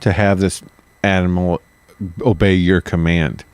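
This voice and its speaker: A man co-hosting a history podcast, cutting in with blunt, curse-laden reactions and questions. His voice sits low, and the recording is dry and close. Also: flat delivery, smooth, dry recording. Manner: blunt, swearing, interjecting with quick reactions. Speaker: podcast co-host. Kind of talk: casual podcast chat.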